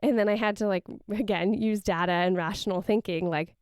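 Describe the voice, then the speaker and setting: A woman's voice: mid-range voice, steady tone, fairly quick, a little mellow, smooth, no room sound, clean studio sound. A woman co-hosting a casual kitchen-table podcast, telling a personal story in a candid, reflective way. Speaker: podcast co-host.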